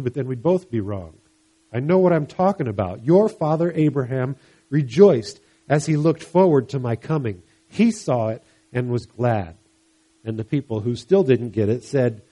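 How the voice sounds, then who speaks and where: A man preaching a sermon in an earnest, conversational way, pushing into emphatic bursts and often restarting his phrases. His voice is dark and mellow, with a husky edge. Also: medium pitch.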